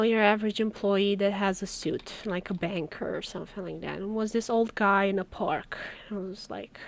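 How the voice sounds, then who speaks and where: A woman from Romania, chatting casually on a live stream and telling stories with little laughs. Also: mid-range voice. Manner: chatty storytelling, laughs between words. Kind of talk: casual chat while working.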